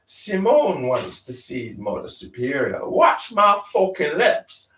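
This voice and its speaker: A man's voice: fairly high pitch, very animated, slow, a bit bright, heavily acted. A man reading aloud and voicing an agitated, foul-mouthed young man in withdrawal who snarls and swears breathlessly. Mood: demanding. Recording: roomy, distant mic.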